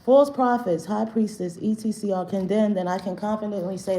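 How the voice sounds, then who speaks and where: A woman's voice: mid-range voice, brisk, noisy background. Brash, cursing woman on a livestream. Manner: brash, profane, confrontational; rambling, with restarts and slang. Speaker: livestream host. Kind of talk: unscripted livestream rant. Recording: roomy echo.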